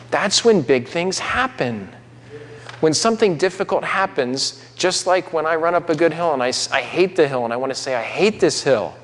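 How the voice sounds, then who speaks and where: A man preaching a sermon in a conversational way, with asides to the congregation. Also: on the high side. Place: church sanctuary. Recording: long hall reverb.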